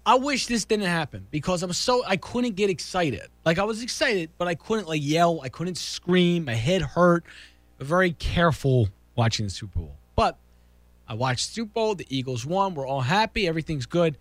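A man's voice: fairly high pitch, expressive, normal speed, no echo. A man casually telling a story, acting out quotes and restarting sentences.

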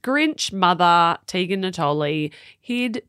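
A woman's voice: on the low side, slow, clean tone, dry recording, studio quality. A woman, telling a story in casual podcast chat. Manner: animated, laughing storyteller. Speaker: podcast co-host.

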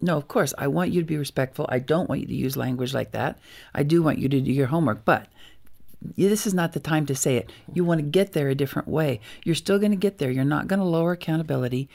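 A woman's voice: low voice, fast, vocal fry, a little mellow. A woman author on a talk show, giving emphatic parenting advice. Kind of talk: interview conversation.

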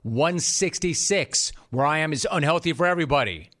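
A man hosting a sports talk show, delivering an energetic, sarcastic monologue with jokey asides in a studio. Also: a little high, normal speed.

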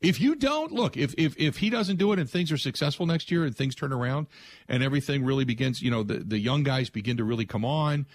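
A man's voice: medium pitch, expressive, fast, no room sound. A man hosting sports talk radio, delivering a blunt, emphatic opinion monologue with frequent restarts.

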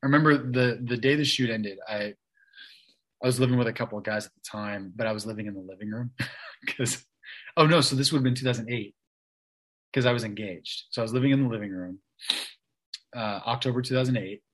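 Male guest, 30s, mid-pitched, loose chatty storyteller with frequent fillers and restarts. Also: fairly quick, pauses often, fairly bright tone, low-quality recording. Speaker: interview guest. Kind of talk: casual storytelling.

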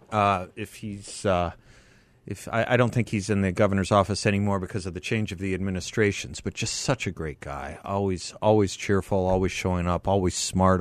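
A man's voice: sits low, no echo. A man in his fifties hosting a call-in radio talk show, chatty, laughing often and commenting on the news he reads.

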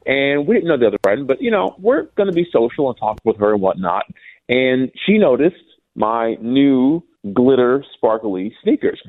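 A man hosting a radio show, telling a story in casual chat with animated delivery and many stammered restarts. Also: mid-range voice, no room sound. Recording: thin phone-like radio sound.

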